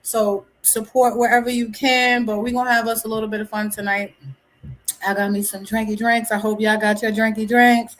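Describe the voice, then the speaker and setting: Woman livestream host, chatty and excitable, voice on the higher side, greets chat by name. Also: moderate pace, low-quality recording.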